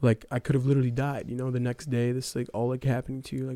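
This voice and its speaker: A man's voice: mid-range voice, level tone, fast, warm tone, no room sound. A young man giving a casual personal testimony, telling his story with lots of fillers like "um" and "like". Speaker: testimony speaker.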